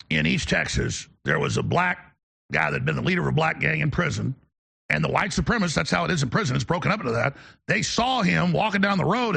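A man's voice: sits high, gravelly, sharp tone, slightly rough. A man hosting a talk radio show, delivering an emphatic, ranting opinion monologue. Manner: emphatic, ranting, fast-talking.

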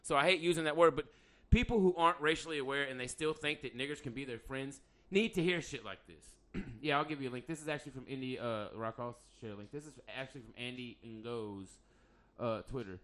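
A man's voice: mid-range voice, a little fast, fairly bright tone. A man hosting a podcast in casual chat, talking in a blunt, profane and rambling way. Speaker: podcast host; electrician by trade.

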